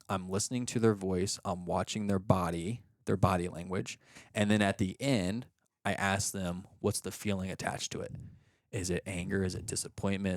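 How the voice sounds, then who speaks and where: A low-pitched man, young adult or middle-aged and a father of young kids, coaches a client on a podcast, patiently explaining each step. He teaches steadily and often acts out example questions. The recording is studio quality with no echo.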